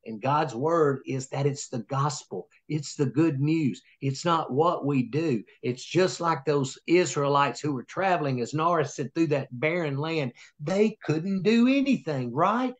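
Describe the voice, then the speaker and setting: A man's voice: fairly high pitch, unhurried, few pauses. Folksy preacher man. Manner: folksy, preacherly, often asks "right?". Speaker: pastor leading Bible study. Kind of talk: informal sermon-style Bible teaching.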